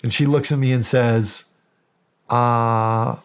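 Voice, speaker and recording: A man's voice: medium pitch, sing-song, takes it slowly, creaky, pauses often. A middle-aged American man telling a story in a podcast interview, acting out the quoted dialogue with animation. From United States. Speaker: guest, county sheriff.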